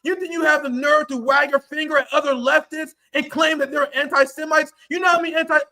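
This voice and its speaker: A man rants on his livestream in a very high, piercing voice. He is angry and profane and keeps tipping into shouts. His tone stays sharp and tense throughout. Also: fairly even intonation, brisk. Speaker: livestream host. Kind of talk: heated livestream rant.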